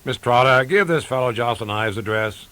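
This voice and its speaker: A man's voice: fairly low pitch, moderate pace, breathy edge. A man voicing an impatient, harried male attorney who speaks curtly. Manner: curt and impatient.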